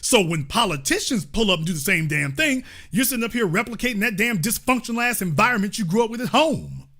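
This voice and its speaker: A man's voice: high-pitched, lively intonation, fast talker, bright, forceful tone. A man hosting a profane, comedic political rant, often acting out the voices of the people he quotes. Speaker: political commentary host.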